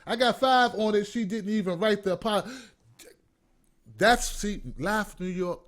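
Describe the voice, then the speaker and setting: A man's voice: high-pitched, steady tone, a little slow, fairly bright tone. A man hosting an online show, ranting with sarcastic, profane commentary. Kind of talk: livestream commentary rant.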